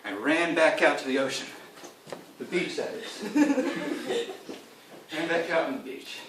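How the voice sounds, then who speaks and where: A man telling a deadpan comic tall tale, rambling on with loud acted-out quotes and chuckling asides. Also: fairly high pitch, measured pace. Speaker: speaker giving a comic presentation. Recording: echoey room from far off, faint hiss.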